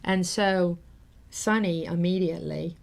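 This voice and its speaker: A woman's voice: lowish voice, fairly even intonation, a little slow, gravelly. A middle-aged woman hosting a talk show, telling an emotional story in an earnest, casual way with many fillers.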